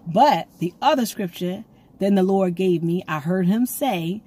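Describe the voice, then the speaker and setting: A woman giving an excitable, rambling prophetic message to her viewers, recorded on her own camera at home. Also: on the low side, measured pace, slightly rough, no room sound. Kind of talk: casual prophetic video message. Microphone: camera she sets up herself.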